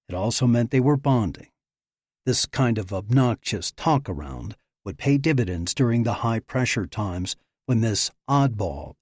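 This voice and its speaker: Measured male audiobook narrator, dry. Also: lowish voice, darkish tone, breathy edge, no echo. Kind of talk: scripted narration.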